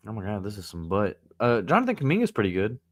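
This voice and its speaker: A man's voice: on the low side, wildly swooping pitch, quick pace, no echo. A man co-hosting a casual sports talk stream, joking around and speaking bluntly in loose slang. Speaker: podcast co-host. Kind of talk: casual chat.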